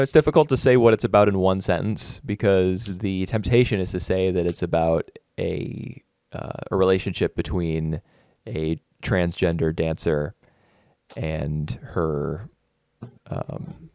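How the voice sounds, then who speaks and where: Deep gravelly man musing about films. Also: darkish tone, no echo, clean studio sound. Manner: thoughtful, rambling, many fillers and restarts. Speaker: podcast co-host. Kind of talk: casual film review chat.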